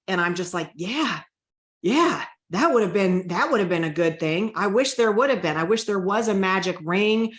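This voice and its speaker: A woman's voice: mid-range voice, animated, normal speed, reverberant. A woman guest on an interview show telling a personal story in an earnest, emotional way, often repeating her own prayers aloud. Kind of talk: heartfelt testimony interview.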